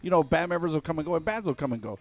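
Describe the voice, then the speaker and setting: A man's voice: a little high, lively intonation, very fast, faint music behind. A man co-hosting a podcast, chiming in with crude, laughing banter. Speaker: podcast co-host. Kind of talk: casual podcast chat.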